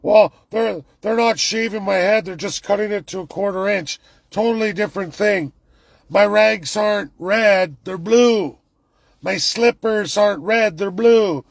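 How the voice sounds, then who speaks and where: A man putting on a whiny, naive Canadian man's voice in a squeaky singsong of denial. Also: unhurried, gravelly, dry recording, clean studio sound, exaggerated voice.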